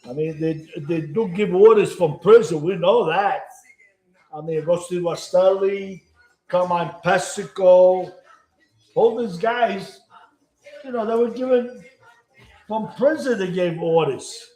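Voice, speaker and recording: A man's voice: high-pitched, measured pace, mellow, reverberant. A man with an Italian accent, chatting casually and rambling in broken English while he cooks at home. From Italy. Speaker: home cooking show host. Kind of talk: casual cooking chat to camera.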